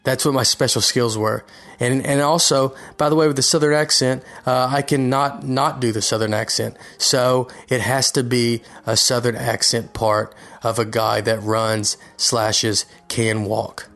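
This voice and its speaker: A man's voice: medium pitch, steady tone, unhurried, gravelly, a bit bright. A young man doing a rambling, self-deprecating comedy monologue about his struggles. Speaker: comedian recording a guest spot.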